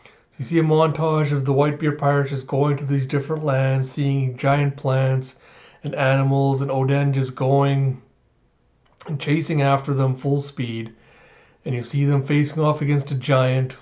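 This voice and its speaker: A man's voice: medium pitch, little pitch movement, unhurried, darkish tone, muffled recording. A man casually retelling a comic chapter and quoting its characters as he reviews it. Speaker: manga reaction reviewer.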